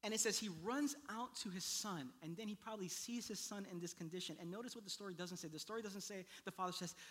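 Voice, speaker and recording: A young adult man preaching a sermon as pastor, animated, acting out quotes and swinging between hushed lines and loud ones. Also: sits high, fast, hardly any pauses.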